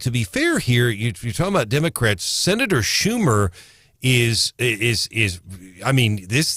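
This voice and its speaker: A man co-hosting talk radio, with a lowish voice and an earnest, hesitant way of talking. He is close and dry on the studio mic. He pauses and restarts as he lines up his points. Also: a bit bright, dry recording. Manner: earnest, hesitant, reads out quotes.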